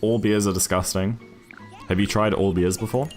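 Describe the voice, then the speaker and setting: A man's voice: lowish voice, fairly even intonation, normal speed, soft background music. A man from Newcastle with a mixed northern and southern English accent, chatting casually on a stream in a rambling way. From Newcastle, England. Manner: rambling, chatty, frequent restarts and fillers. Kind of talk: casual chat while gaming.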